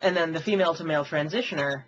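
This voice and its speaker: A woman's voice: low-pitched, very fast, highs cut off, slight background noise. A woman voice actress chatting casually about her characters, rambling with lots of fillers. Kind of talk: casual behind-the-scenes chat.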